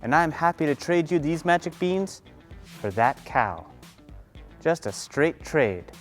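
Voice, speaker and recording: A woman voicing a kindly old man who offers a trade in a lowered, quiet, coaxing voice. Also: sing-song, measured pace, soft background music.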